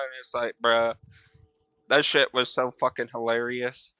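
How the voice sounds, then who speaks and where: A young man streaming a game, telling stories in casual, profane slang, breaking into loud quoted voices. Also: mid-range voice, flat delivery, a little slow, smooth, no echo. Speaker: gaming streamer. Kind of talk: casual storytelling while playing.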